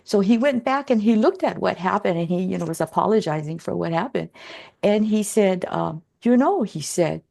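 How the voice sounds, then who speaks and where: A woman in a group talk slowly telling a personal story in a calm, rambling way, full of fillers and restarts. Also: medium pitch, gravelly. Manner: rambling, lots of "you know" and restarts, calm. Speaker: Ho'oponopono instructor.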